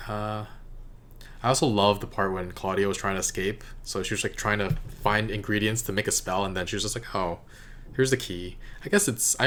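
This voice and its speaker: A man with a slightly low voice chats through his reactions to an episode. He muses out loud in a halting, unhurried way, dropping in fillers and small laughs. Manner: musing, halting, with frequent "uh" and "like" and soft laughs. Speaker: show reactor and reviewer. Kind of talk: casual reaction commentary.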